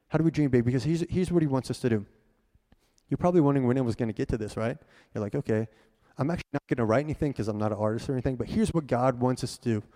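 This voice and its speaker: Young male preacher, casual and high-energy, mellow tone, long hall reverb. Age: young adult. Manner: energetic, conversational, rallies the crowd to repeat. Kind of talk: youth sermon.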